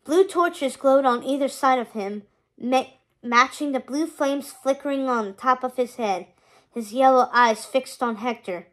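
A woman's voice: high voice, unhurried. A woman narrating a children's chapter book aloud, reading steadily.

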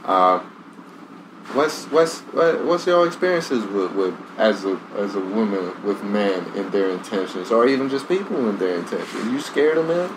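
Low-voiced slangy young podcast host. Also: male voice, expressive, normal speed, noisy background. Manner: slangy, easygoing, hype. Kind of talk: casual chat.

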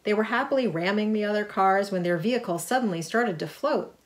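A middle-aged woman reading her own picture book aloud, lively, with chatty asides about the pictures. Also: mid-range voice, brisk. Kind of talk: storybook read-aloud.

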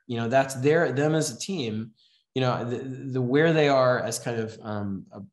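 A man teaching a comics writing class in a casual, rambling way, with many fillers, reading comic dialogue aloud. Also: mid-range voice. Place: house event room. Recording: roomy echo.

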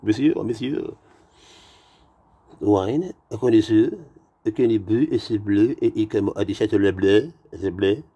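A man's voice: fairly low pitch, unhurried, warm tone, slightly rough, pitched above the performer's own voice. A man putting on a fussy French waiter's voice in a mock French accent, rattling off bits of French. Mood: pompous. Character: pompous male French waiter at a fancy restaurant.

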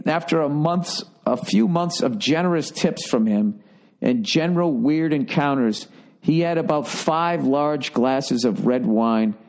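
A man's voice: mid-range voice, darkish tone. A man hosting a comedy podcast, reading listener letters aloud and breaking in with profane, sarcastic remarks.

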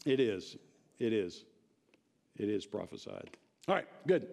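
A man's voice: on the low side, sing-song, unhurried, gravelly, darkish tone. A man teaching a church Bible class in a conversational, emphatic way, often checking in with his listeners.

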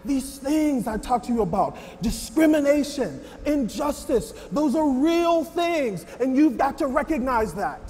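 Male actor: preachy, sarcastic lecturer, very high, reverberant hall. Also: lively intonation, measured pace, few pauses, darkish tone. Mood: lecturing. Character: stern man lecturing on racism. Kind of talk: church skit acting.

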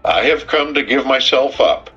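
A man's voice: mid-range voice, lively intonation, moderate pace, fairly bright tone, slightly rough, voice pushed up. A male narrator voicing a defiant young man who turns himself in, giving curt, unflinching answers. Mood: cool defiant. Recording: dull, muffled recording with faint music.

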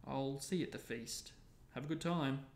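A man's voice: medium pitch, normal speed, a little hiss or hum, lightly acted. A man doing a glum teenage boy. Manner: subdued, awkward. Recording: roomy echo.

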